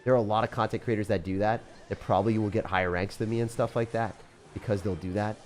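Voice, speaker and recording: A young man streams a mobile game, chatting with viewers in a laid-back way, saying "dude" and "bro" and laughing often. His voice is fairly low and steady in tone, with a quick pace and faint music behind.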